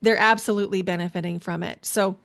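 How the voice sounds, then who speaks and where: Woman, podcast host, solo episode; earnest, emotional, deliberate spiritual guidance, middle pitch. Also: fairly even intonation, gravelly. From United States. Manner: earnest, slow and deliberate with pauses; spiritual, guiding a grounding exercise.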